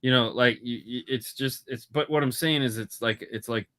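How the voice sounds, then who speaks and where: A man co-hosting a podcast in casual chat, rambling and repeating words as he tells drawn-out stories. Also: medium pitch, fairly bright tone. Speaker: podcast co-host.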